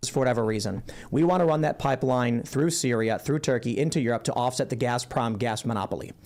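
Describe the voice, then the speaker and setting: A man's voice: medium pitch, fast, a little mellow. A man in a heated political debate who argues insistently and presses his opponent with yes-or-no questions.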